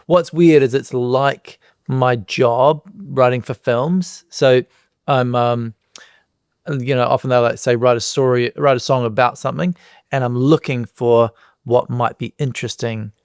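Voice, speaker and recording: A middle-aged man with a New Zealand accent, a guest on a podcast, telling relaxed anecdotes and acting out the voices in them. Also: medium pitch, gravelly, clear, resonant tone, dry recording, studio quality. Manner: relaxed anecdotes, acts out voices and hums lines. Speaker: guest musician and comedian. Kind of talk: casual podcast chat, storytelling.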